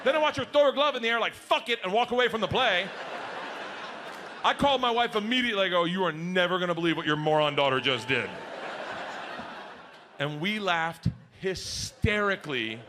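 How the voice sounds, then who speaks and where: A middle-aged man doing a stand-up comedy set, telling stories loudly with shouted punchlines, recorded live on stage with audience noise. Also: sits high. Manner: loud, animated storytelling with shouted punchlines.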